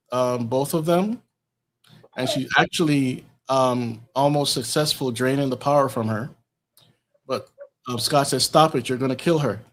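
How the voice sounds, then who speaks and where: Slow, rambling man recapping a film. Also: mid-range voice. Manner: rambling plot recap full of ums and restarts. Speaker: podcast co-host. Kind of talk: casual podcast chat.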